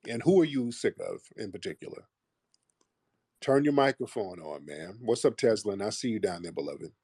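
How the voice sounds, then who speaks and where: A man's voice: on the low side, lively intonation, normal speed, darkish tone, slightly rough, no echo, clean studio sound. A man hosting a live call-in show, casual and combative, mocking and insulting his callers.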